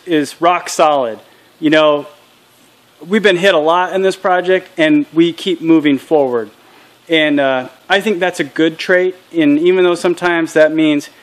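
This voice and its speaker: A man hosting a casual farm vlog outdoors, talking earnestly and candidly and dropping acronyms as he explains his mistakes. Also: on the high side. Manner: earnest and candid, drops acronyms and military jargon. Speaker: channel host. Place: outdoors at a small farm processing setup.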